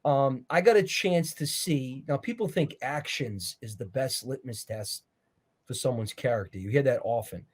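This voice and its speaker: A man's voice: medium pitch, normal speed, a little mellow, husky. A man speaking as an interview guest and author, explaining in an earnest, preacherly way. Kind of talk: conversational interview.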